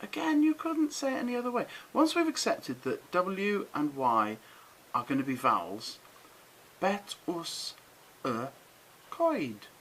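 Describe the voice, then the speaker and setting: A middle-aged man hosting a casual lesson, chatty and encouraging, who slows right down to sound out words with care. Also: high-pitched, lively intonation, a bit bright, a little hiss or hum, low-quality recording. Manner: chatty, encouraging, drawn-out careful pronunciations. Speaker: model railway channel host. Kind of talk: casual explainer to camera.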